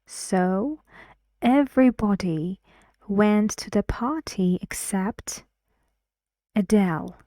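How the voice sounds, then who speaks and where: A woman teaches English pronunciation at a very slow, careful pace. Her voice is mellow and soft-edged, and she repeats each word clearly for her learners. The sound is dry and close. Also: medium pitch, no echo. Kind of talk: slow pronunciation lesson with drills.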